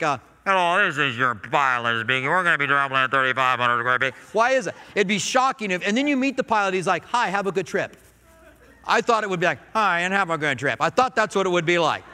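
A man preaching a sermon as a pastor in a church, animated and joking, with playful asides. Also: high voice, long reverb tail. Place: church sanctuary.

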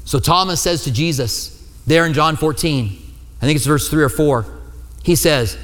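A male pastor preaching a sermon, telling the story lively and acting out the quoted lines with humor. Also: on the high side, moderate pace, long reverb tail.

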